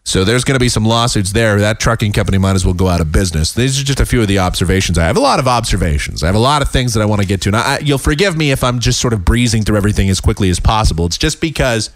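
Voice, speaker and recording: Man, slightly raspy tired voice, rambling podcast talk, lowish pitch, dry close sound. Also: lively intonation, rapid-fire, hardly any pauses, dry recording. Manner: rambling, many uh fillers. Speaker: podcast host. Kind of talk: casual solo podcast commentary. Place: home.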